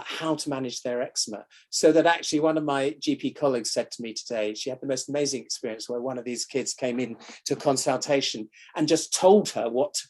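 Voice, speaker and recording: A man's voice: medium pitch, a little mellow. A man, a family doctor, giving an enthusiastic illustrated talk to an online audience, telling stories about his team and patients. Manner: enthusiastic storytelling, quotes others directly. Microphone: online talk recording.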